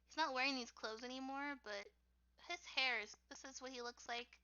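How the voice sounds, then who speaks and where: Squeaky, bright-voiced young woman streamer. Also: fairly even intonation, normal speed, clear, resonant tone, highs cut off. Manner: rambling, full of "like", laughs often. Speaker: artist streaming her drawing work. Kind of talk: casual livestream chat.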